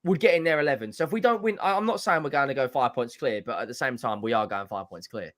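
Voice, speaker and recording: A young man co-hosting a football fan livestream, telling animated, jokey stories in casual chat. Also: medium pitch. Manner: animated storyteller, jokey, quick restarts.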